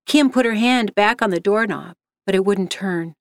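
A woman's voice: mid-range voice, normal speed, dry recording. Woman narrating a story, dry close sound.

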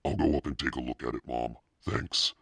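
A man's voice: rumbling low, moderate pace, creaky, fairly bright tone, breathy edge, dry recording, clean studio sound, heavily acted. A man reading aloud, voicing a sulky, self-conscious preteen girl with a slightly lifted, emphatic delivery. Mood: restless.

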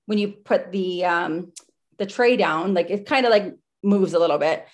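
A woman's voice: lowish voice, moderate pace. A woman in her thirties, a podcast guest telling a story casually over a video call, filling her talk with "like". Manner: chatty, heavy use of "like" fillers.

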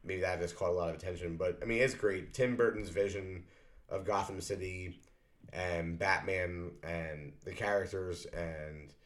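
A man's voice: sits low, steady tone, measured pace. A man co-hosting a podcast in casual movie chat, rambling and hesitant with many fillers. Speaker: podcast co-host.

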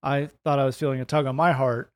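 A man's voice: mid-range voice, fast talker. A man hosting a casual faith podcast, joking wryly and wrapping up the show. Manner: wry, joking, relaxed delivery. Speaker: podcast host.

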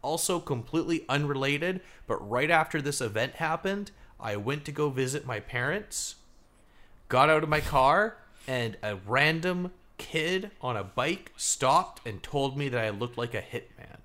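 A man's voice: on the high side, measured pace. Chatty man rambling about games. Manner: animated storyteller, filler-heavy. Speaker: podcast co-host. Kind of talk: casual gaming chat.

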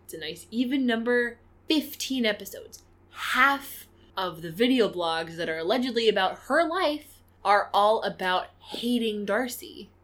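A woman's voice: medium pitch, lively intonation, measured pace, a bit bright. A woman co-hosting a casual podcast, reading listener comments aloud with playful asides. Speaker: podcast co-host.

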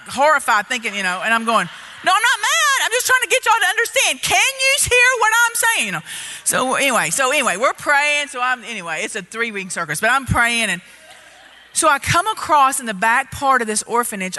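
A woman telling a story in a sermon, animated and loud, getting louder as she gets excited. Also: mid-range voice. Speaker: preacher. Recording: reverberant hall.

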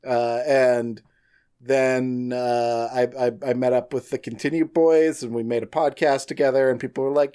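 Guy rambling on a chill podcast, middle pitch, lots of restarts. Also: fairly even intonation, normal speed, mellow, clean tone. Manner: loose, rambling delivery with many restarts. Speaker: podcast guest, game designer. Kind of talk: casual podcast chat.

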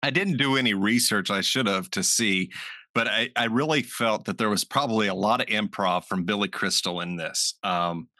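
A man's voice: fairly low pitch, moderate pace, bright, forceful tone. A man co-hosting a movie review podcast, easygoing and agreeable in casual chat. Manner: easygoing, agreeing often, chuckling.

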